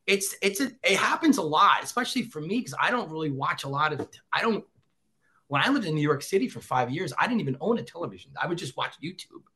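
A man's voice: fairly high pitch, quick pace. A man in his thirties telling stories in a casual interview, acting out what people said. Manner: animated, acts out quotes in voices. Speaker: guest, former celebrity cameraman. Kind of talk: casual storytelling.

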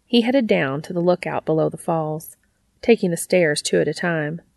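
A woman reading fiction aloud as a narrator, in a steady, even way. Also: lowish voice, moderate pace, gravelly, no echo. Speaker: audiobook reader.

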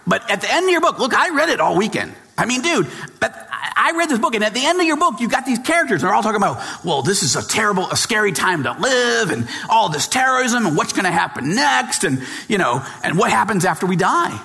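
A man impersonating an excitable male rock radio DJ who drawls "dude" over and over. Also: sits high, quick pace, gravelly, big-room sound, pitched above the performer's own voice, full character voice. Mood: excited. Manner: drawling surfer-style "dude" talk. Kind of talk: impression within a speech.

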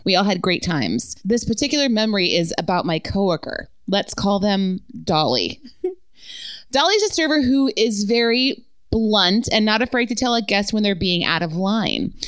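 Animated, laughing podcast woman. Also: medium pitch, moderate pace, clear, resonant tone, dry recording. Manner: laughs often, swears, animated delivery. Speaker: podcast co-host. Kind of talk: reading listener stories aloud, casual chat.

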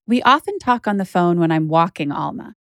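A woman's voice: fairly low pitch, big pitch swings, a little fast, a bit bright, no echo, clean studio sound. A woman journalist telling a personal story as a podcast narrator, candid and conversational with frequent "like" fillers.

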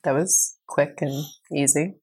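A woman's voice: sits low, steady tone, a little slow, warm tone, slightly rough. A woman co-hosting a podcast in casual chat, teasing her partner and pressing him with questions. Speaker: podcast co-host.

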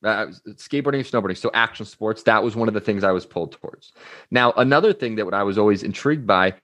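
Talking fast in a fairly low voice, a young man who works as a coach appears as a relaxed interview guest. He tells stories with energy, leaning on anecdotes and acted-out quotes. The recording is dry.

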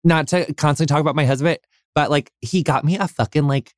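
A man's voice: on the high side, quick pace, dry recording, studio quality. An American man in his thirties hosting a casual interview podcast, effusive and gushing, full of "like" and casual swearing. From United States. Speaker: podcast host.

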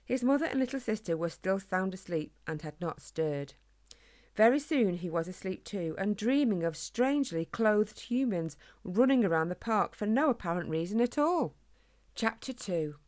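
A woman narrating a children's storybook in an expressive, clear read-aloud manner. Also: medium pitch, moderate pace.

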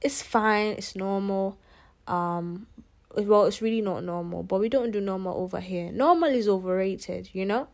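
A woman's voice: medium pitch, moderate pace. A young adult woman hosting a solo podcast, chatting in a sarcastic, playful and giddy way. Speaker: podcast host. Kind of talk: casual solo podcast chat.

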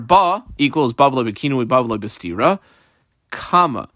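A man's voice: medium pitch, lively intonation, normal speed, fairly bright tone, no room sound. A man teaching a study lesson, reading each line of the text aloud and then explaining it step by step. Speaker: Talmud teacher.

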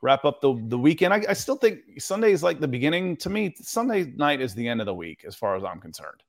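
A man co-hosting a casual sports podcast, talking in a relaxed, chatty way with lots of fillers. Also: fairly high pitch, quick pace. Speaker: podcast co-host.

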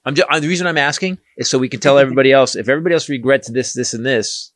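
A man's voice: mid-range voice, rapid-fire, fairly bright tone, no echo, clean studio sound. A man co-hosting a podcast, telling stories bluntly and laughing easily. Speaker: podcast co-host. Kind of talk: casual podcast chat.

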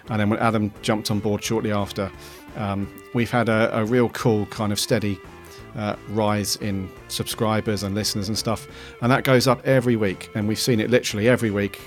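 A man hosting a podcast, talking in a relaxed, friendly way and thanking listeners. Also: lowish voice, normal speed, soft background music. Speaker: podcast host and founder. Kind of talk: casual chat.

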